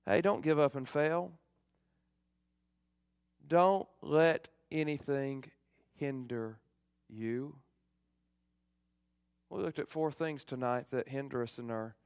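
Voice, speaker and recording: A middle-aged male pastor giving a fervent sermon, swinging from loud emphasis to hushed appeals. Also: mid-range voice, measured pace, pauses often, clear, resonant tone, no room sound, studio quality.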